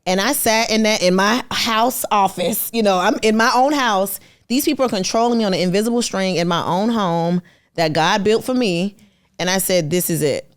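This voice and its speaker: A woman in her thirties, a podcast guest, telling her story in casual, colloquial talk and acting out the people she quotes. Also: normal speed. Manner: animated, acts out quoted people with sudden high pitch jumps; colloquial, slangy, emphatic. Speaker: podcast guest, artist and entrepreneur.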